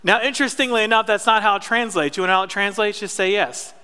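A pastor preaching a conversational sermon and drawing responses from the congregation. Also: male voice, sits high, fast talker, bright, forceful tone. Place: church sanctuary. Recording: long church reverb.

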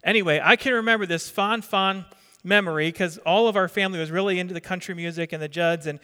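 A middle-aged pastor from New Jersey preaches a conversational sermon, quizzing the congregation and repeating his words. His high-pitched voice is pushed, bright and smooth, and he talks fast. A hall's long reverb surrounds him.

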